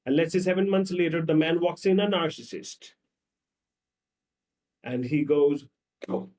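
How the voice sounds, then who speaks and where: A man, a psychologist guest on a podcast, tells stories dramatically and acts out the scenes, swinging between loud and soft. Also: on the high side, measured pace. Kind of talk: podcast conversation.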